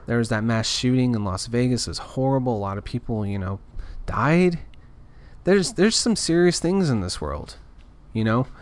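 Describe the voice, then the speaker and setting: A man's voice: medium pitch, lively intonation, normal speed, a little mellow. A man talking in a casual, rambling rant, frustrated and full of restarts. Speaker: podcaster. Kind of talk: casual ranting monologue.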